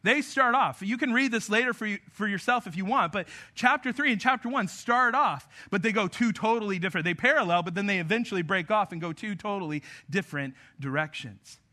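A man's voice: high voice, fairly quick, few pauses, pushed and bright. A man in his thirties preaching a sermon, talking with the congregation in a conversational, joking way. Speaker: pastor.

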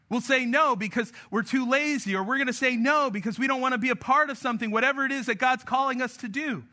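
A man's voice: very high-pitched, sharp tone. A man in his thirties preaching a sermon, talking with the congregation in a conversational, joking way. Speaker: pastor.

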